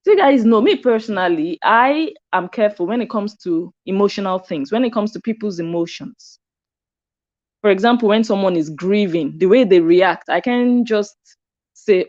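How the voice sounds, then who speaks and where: A woman's voice: medium pitch, expressive, normal speed, darkish tone, dull audio. Chatty woman commenting on gossip. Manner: chatty and reflective, with frequent "hmm" reactions. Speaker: commentary vlogger. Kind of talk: casual commentary.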